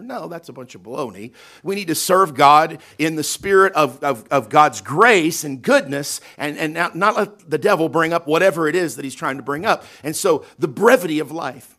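His pitch running somewhat high, a man preaches from the pulpit of a church sanctuary with folksy emphasis. Booming, elongated phrases give way to hushed side remarks as this pastor quizzes his congregation.

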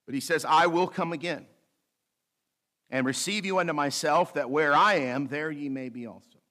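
A male pastor delivering a sermon, reading scripture slowly and adding light asides with a bit of humor. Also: fairly high pitch, pushed and bright. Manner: preaching with light humor, slows to read scripture aloud.

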